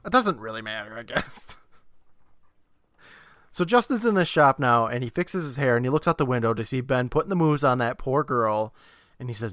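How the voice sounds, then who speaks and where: A man's voice: mid-range voice, moderate pace, dry recording, clean studio sound. Man in his thirties recapping a show. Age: 30s. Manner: relaxed storytelling with "like" fillers. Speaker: podcast co-host. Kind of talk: casual chat, recapping an episode.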